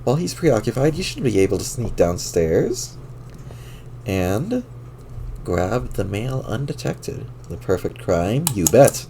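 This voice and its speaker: A man's voice: lowish voice, sing-song, measured pace, warm tone, a little hiss or hum. A man reading a webcomic aloud on a stream, in a wry, amused way with his own asides. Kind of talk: casual read-aloud narration.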